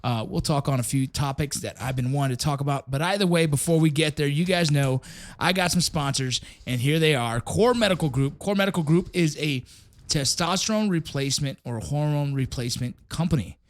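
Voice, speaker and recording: A middle-aged man hosts a podcast from an office, his voice sitting a bit high for a man. He talks loosely and swears freely. He laughs a lot through his sponsor reads. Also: fairly quick, few pauses. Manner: relaxed, swearing, laughing often. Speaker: podcast host. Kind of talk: casual chat with sponsor reads.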